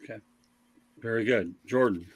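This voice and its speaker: A man's voice: on the low side, moderate pace, no echo. A man hosting a casual sports talk show, giving his opinions at length and passing the word to the panel. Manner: opinionated, rambling, leads the panel. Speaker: podcast host.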